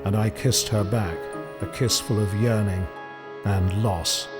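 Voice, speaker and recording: A man narrating a horror story in a measured, grave manner. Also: on the low side, fairly even intonation, over loud music. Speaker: audiobook narrator. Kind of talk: scripted narration.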